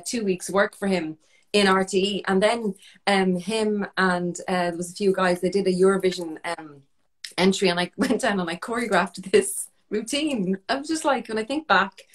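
An Irish woman and band member sharing chatty anecdotes on a livestream. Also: mid-range voice. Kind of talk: casual chat on a livestream.

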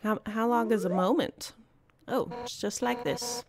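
A woman's voice: on the high side, steady tone, unhurried, creaky, crowd noise. A woman streamer giving casual gameplay commentary, with nervous, wry asides and swearing.

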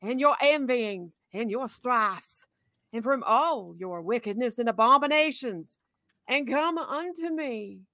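An old grandma reads scripture slowly and solemnly, stretching every phrase like a sermon, as a woman puts her on. The voice sits a little high. The recording is dry and close. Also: animated, pushed and bright, no echo, exaggerated voice. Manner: slow, drawn-out, preachy reading. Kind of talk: scripture reading in a put-on voice.

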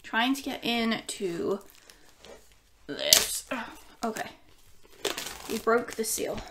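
A woman with a fairly high voice records a casual unboxing vlog from home. She talks in an unhurried, drawn-out way, gushing with excitement and chatting to her dog between thoughts. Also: very noisy. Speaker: vinyl collecting YouTuber.

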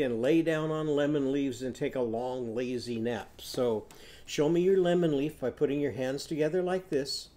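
A man teaching a phonics lesson to young children, patient and clear, leading sing-along sound games. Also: on the high side, a little mellow. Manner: sings call-and-response animal sounds.

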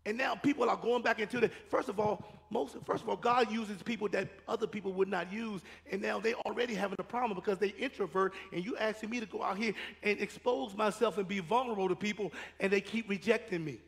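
High-pitched gravelly preacher in a hall. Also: male voice. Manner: preaching with rising and falling intensity, repeating phrases. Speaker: pastor. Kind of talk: sermon. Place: church sanctuary. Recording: reverberant church hall.

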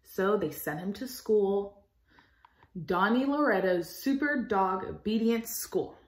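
A woman teacher reading a children's story aloud with slow, expressive storybook delivery. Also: mid-range voice. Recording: roomy echo.

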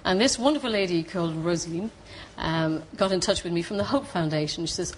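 Irish woman telling a lively story. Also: lowish voice, brisk, hardly any pauses, a little hiss or hum, rough recording. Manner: animated, acts out quoted voices. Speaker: studio guest. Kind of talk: storytelling on a chat show. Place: TV studio.

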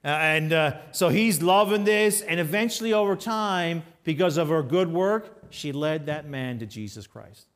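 High-voiced preacher swinging loud and soft. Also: male voice, moderate pace, few pauses, clear, resonant tone. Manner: emphatic, swings between raised exhortation and quiet storytelling. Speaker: pastor. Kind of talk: sermon. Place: church sanctuary.

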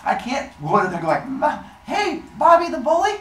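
A man voicing a bullied, eager teenage boy with a strained, excitable voice. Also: very high-pitched, fairly quick, reverberant, far from the mic, slight background noise, pitched above the performer's own voice, exaggerated voice, poor audio. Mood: indignant.

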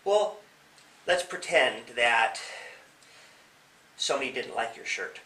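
In this interview, a male police officer advises young people, speaking slowly in a mid-range voice that sounds animated, pushed, and bright. He poses questions and acts out examples to make his points. The recording has an echoey room and a distant mic.

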